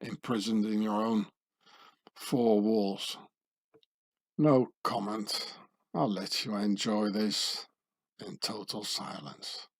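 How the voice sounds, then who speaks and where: This channel host's voice is fairly low and steady, delivered slowly with long pauses. He comments over a screen share, sardonic and conspiratorial, and often tacks questions onto what he says.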